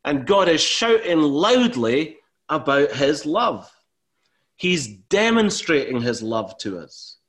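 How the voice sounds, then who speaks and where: A man preaching a sermon in an earnest way, rising to emphatic, louder bursts when he gives voice to God. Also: fairly high pitch, very animated, takes it slowly. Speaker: pastor.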